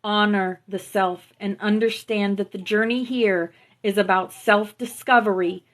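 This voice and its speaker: Woman, spiritual live-stream host, gentle, affirming, reads teachings aloud, phone mic. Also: mid-range voice, fairly even intonation, measured pace. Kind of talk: spiritual livestream talk to viewers.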